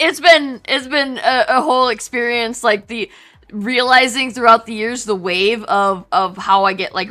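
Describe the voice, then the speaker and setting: Bright chatty woman with Wisconsin accent. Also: medium pitch. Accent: southern Wisconsin. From southern Wisconsin. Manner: chatty, rambling, many restarts. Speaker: artist co-host. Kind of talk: casual chat on a livestream.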